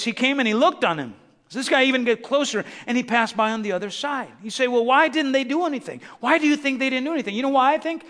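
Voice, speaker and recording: Male pastor, high voice, preaching to a congregation with dramatic loud-to-quiet swings; long room reverb. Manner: preachy, addresses crowd directly, dramatic swings from loud to hushed. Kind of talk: sermon.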